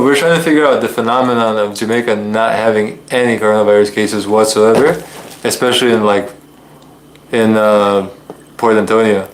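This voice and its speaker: A man co-hosting a casual live-stream chat from his living room, joking and teasing in relaxed banter. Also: lowish voice, normal speed. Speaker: co-host. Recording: echoey living room, faint noise.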